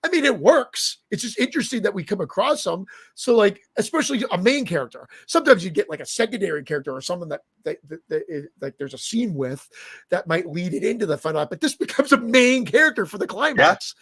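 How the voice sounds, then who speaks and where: A man's voice: sits high, lively intonation, fast, fairly bright tone, husky. A man co-hosting a casual movie review podcast, laughing often and swearing as he chats. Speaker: podcast co-host.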